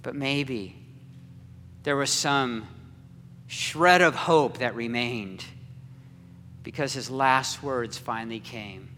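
Slow dramatic preacher man in an echoey hall. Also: mid-range voice, slight background noise. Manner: slow and dramatic, swinging from loud to hushed. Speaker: pastor. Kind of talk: dramatic sermon storytelling. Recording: echoey hall with long reverb.

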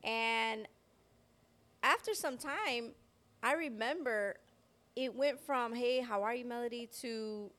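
A woman co-hosting a Christian podcast, telling a personal testimony in a lively way and acting out the voices of the people in her story. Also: fairly high pitch, normal speed. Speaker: podcast co-host. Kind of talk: personal faith testimony in casual chat.

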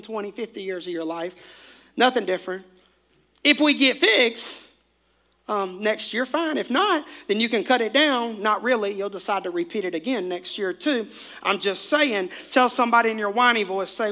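High, bright-voiced man preaching a sermon. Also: fairly quick. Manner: exclamatory, repetitive, calls for congregation responses. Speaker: pastor.

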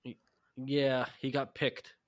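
A man co-hosting a sports podcast, giving quick opinions in casual chat with frequent restarts. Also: mid-range voice, flat delivery. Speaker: podcast co-host.

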